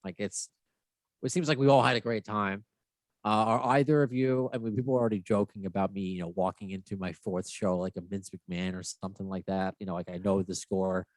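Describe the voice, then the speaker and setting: Low-voiced relaxed podcast host. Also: male voice, fairly quick, no room sound. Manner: relaxed, friendly, self-deprecating. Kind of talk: casual podcast chat.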